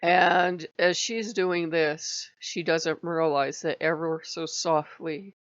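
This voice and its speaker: A woman's voice: sits low, steady tone, takes it slowly, dry recording, highs cut off. A woman recounting her dreams and visions in a rambling, casual vlog, laughing often. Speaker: spiritual vlogger.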